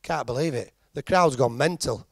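A middle-aged Yorkshire-accented man from Halifax, England, performs chatty, self-deprecating stand-up and teases the audience. His medium-pitched voice carries vocal fry at a moderate pace, in a dry recording with clean studio sound.

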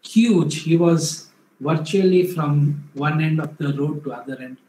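A man's voice: on the high side, measured pace. Man giving a hesitant slide talk. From India. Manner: hesitant, self-correcting, animated when retelling a story. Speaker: wildlife photographer presenting slides. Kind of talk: illustrated talk. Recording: echoey room, faint background noise.

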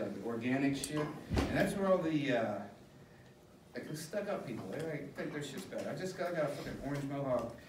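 A man's voice: mid-range voice, recorded from a distance. A man doing a crude, loose stand-up comedy set on a club stage, laughing at his own jokes. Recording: echoey club with crowd noise. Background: audience laughter.

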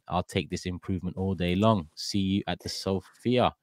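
London man, football show host, lowish voice, dry close sound, laughs a lot. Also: brisk, few pauses, no room sound. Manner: laughs often, upbeat sign-off patter. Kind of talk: casual football chat.

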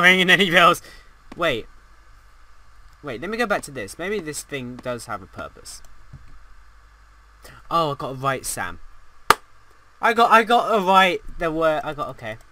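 A young man commentating a horror game as he plays, excitable and swearing, talking back at the game. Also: a little high, slight background noise, rough recording. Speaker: gaming channel host.

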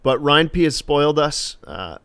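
A man's voice: fairly high pitch, very animated, normal speed, gravelly, a bit bright, smooth. A man telling loose, amused anecdotes during a live stream, rambling with fillers and casual swearing. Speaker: streamer and co-host.

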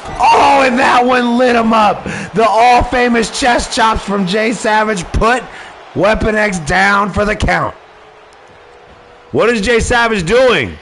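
Guy with a really high voice calling a wrestling game, slow-paced, yelling a lot, noisy background. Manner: excitable, often shouting exclamations. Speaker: commentator. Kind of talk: excited play-by-play commentary of a wrestling video game.

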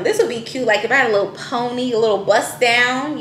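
A woman's voice: on the high side, quick pace, few pauses, fairly bright tone, reverberant, slight background noise. Bubbly young woman vlogging at home. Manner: chatty and playful, frequent laughs and slang. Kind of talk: casual vlog chat. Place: at home, indoors.

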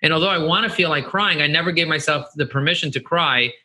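A man's voice: fairly high pitch, fast talker, bright, forceful tone. A middle-aged man being interviewed, speaking earnestly and candidly, repeating phrases for emphasis. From United States. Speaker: guest, marketing agency CEO.

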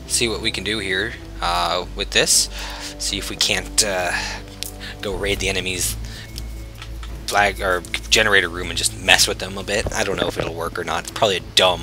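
A man casually commenting on his own gameplay as a channel host, chatty and self-mocking, swearing freely. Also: low-pitched.

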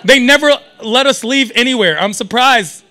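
Young male stand-up comic, high bright voice, riffs with the crowd. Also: normal speed. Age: young adult. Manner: animated, riffing with the audience. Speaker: stand-up comedian. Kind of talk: stand-up comedy set. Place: event hall, live audience.

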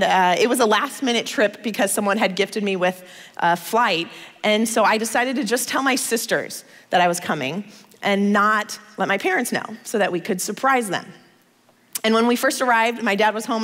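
A woman in her thirties from the United States, preaching a sermon in a conversational, expressive storytelling manner. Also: mid-range voice, big-room sound.

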